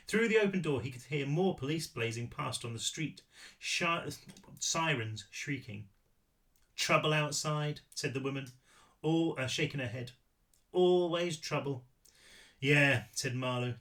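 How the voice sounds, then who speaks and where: A man reading his own novel aloud, animated, with big swings in pitch. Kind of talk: audiobook-style read-through.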